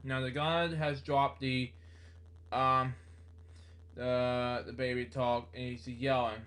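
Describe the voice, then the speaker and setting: A man reading a memoir aloud in a halting way, with many fillers and self-corrections. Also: mid-range voice, level tone, fairly bright tone. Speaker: book reader.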